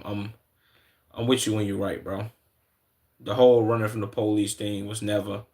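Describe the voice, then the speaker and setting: A young man with a low, gravelly voice riffs casually on a live stream, reacting to clips and greeting people in his chat. His talk is loose and slangy, full of asides and restarts.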